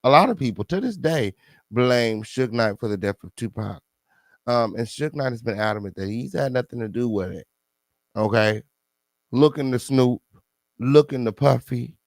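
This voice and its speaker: A man's voice: mid-range voice, lively intonation, normal speed, no echo. A man hosting a celebrity gossip commentary show, brash, profane and theatrical. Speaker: host.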